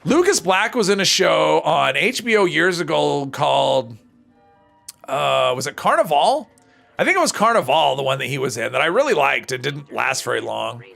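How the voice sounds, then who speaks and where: Gravelly-voiced man streaming a game. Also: a little high, animated, normal speed, bright, forceful tone, faint music behind. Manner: chatty, reads and answers chat between game reactions. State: strained, tired voice. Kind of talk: casual live-stream chat while gaming.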